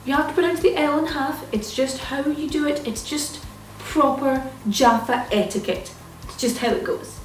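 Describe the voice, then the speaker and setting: A young woman with a high voice talks through a jokey how-to vlog in a mock-serious, know-it-all manner. She sits a little off the mic in an echoey room, with faint music playing underneath. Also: moderate pace, far from the mic. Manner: playful, mock-serious and self-assured. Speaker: vlogger. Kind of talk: mock-instructional comedy vlog.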